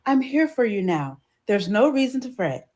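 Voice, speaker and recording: A woman voicing Andy, a kind comforting man, in a soft storybook voice. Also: on the high side, very animated, moderate pace. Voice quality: soft, soothing.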